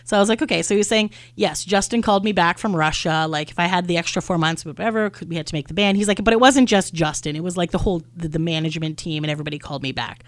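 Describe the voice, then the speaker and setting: With a lowish voice and rapid-fire delivery with hardly any pauses, a young woman hosts a podcast, telling a story in casual conversation and acting out people's words, with plenty of "like." There is no echo.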